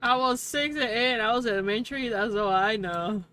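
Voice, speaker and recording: A woman with a fairly high, bright, pushed voice talks at a normal speed over faint music. She's a VTuber streaming a game and chatting casually with her viewers, swearing freely and laughing often.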